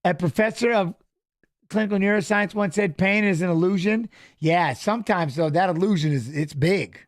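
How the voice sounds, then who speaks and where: A man giving casual live commentary on a fight as a watch-along host, animated and coaching the fighters aloud, repeating phrases. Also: sits high, normal speed, no room sound, clean studio sound.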